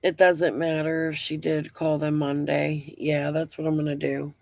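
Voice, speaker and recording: A woman's voice: low-pitched, level tone, moderate pace, gravelly, a little mellow, no room sound. Blunt, swearing woman streaming live. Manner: blunt, swears freely, rambling. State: breathing heavily. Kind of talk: casual live stream chat.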